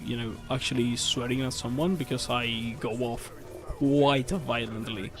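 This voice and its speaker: A man's voice: mid-range voice, unhurried. Man streamer ranting over faint music. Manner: animated ranting storytelling with frequent restarts and swearing. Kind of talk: casual chat while gaming. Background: faint game music.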